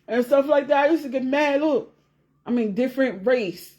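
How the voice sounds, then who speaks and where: A high-pitched woman with a darkish tone speaks at normal speed, chatting casually to her viewers as a vlogger on camera. Her talk rambles and loops back, full of free swearing and laughter.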